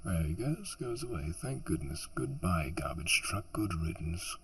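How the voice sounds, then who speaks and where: A man's voice: deep voice, lively intonation, moderate pace, hardly any pauses, husky, rough recording. A man reading a fantasy audiobook who keeps stumbling, restarting lines and joking to himself between passages. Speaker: audiobook narrator. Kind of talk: audiobook outtakes with rambling asides.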